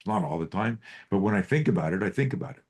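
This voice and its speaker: Profane, animated self-defense coach, lowish voice. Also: male voice, fast talker, slightly rough. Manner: profane, animated storytelling with rhetorical questions. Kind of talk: live group coaching call.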